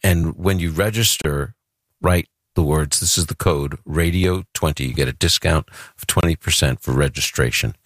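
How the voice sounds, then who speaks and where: A man's voice: very deep voice, moderate pace, fairly bright tone, dry recording, studio quality. A man from Brooklyn hosting a call-in radio show, chatty and earnest as he promotes an event and takes callers. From Brooklyn, New York. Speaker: radio host.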